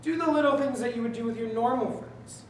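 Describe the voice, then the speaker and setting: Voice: medium pitch, fast talker. Rich: A young adult gives an earnest, prepared speech to a group of pool staff. The voice sounds far from the mic in a very echoey room with a faint hum behind it. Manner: earnest, tells a joke then urges the listeners. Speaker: speaker addressing pool staff.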